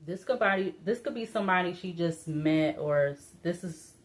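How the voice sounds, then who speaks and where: Woman, low pitch, tarot reading, musing and hesitant, voice breaking up slightly. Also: moderate pace. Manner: musing, hesitant, many fillers and restarts. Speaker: tarot reader.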